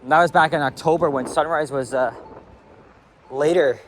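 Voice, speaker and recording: A man chats loosely as he walks through a city street at dawn, rambling, full of fillers and casual swearing. His voice sits a little high. He is picked up by a handheld camera mic, with faint traffic and street noise behind him. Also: normal speed. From Canada. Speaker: walking vlogger. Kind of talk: casual walking commentary.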